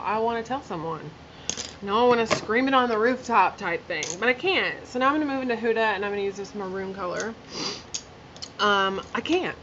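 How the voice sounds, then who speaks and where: Chatty woman vlogger, slightly high voice. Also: a little fast, fairly bright tone, lo-fi sound, a little hiss or hum. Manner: chatty, filler-heavy, candid and blunt with swearing. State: emotional, near tears. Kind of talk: casual storytime while doing makeup.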